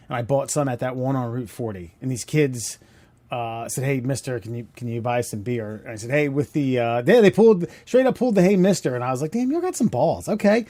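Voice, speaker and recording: A man's voice: mid-range voice, dark tone, dry recording. A man co-hosting a casual comedy podcast, rambling through stories with fillers and laughs. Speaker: podcast co-host.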